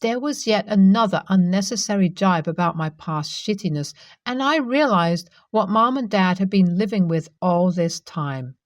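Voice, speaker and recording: A woman narrates a first-person story in a steady, even reading voice. Her pitch sits in the middle of the range. The recording is close and dry, with no room sound. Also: moderate pace, hardly any pauses, dry recording.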